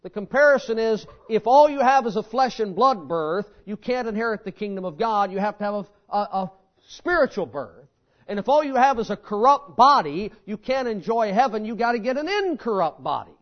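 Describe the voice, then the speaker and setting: A man preaching a sermon in a folksy, animated storytelling manner. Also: high voice, brisk. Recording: dull lo-fi sermon recording.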